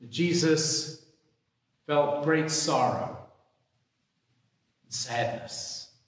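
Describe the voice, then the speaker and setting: A man, a priest, reading the gospel and preaching a sermon in a slow, measured, reflective way. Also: a little high. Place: church. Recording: echoey church hall.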